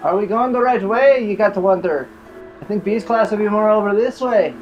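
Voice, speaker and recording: A woman co-hosting a live gaming stream who chats in a playful, joking way. Her voice sits at a middle pitch. Faint music plays behind her. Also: brisk, muffled recording. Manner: jokey, slips into silly put-on voices. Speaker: streamer, co-host.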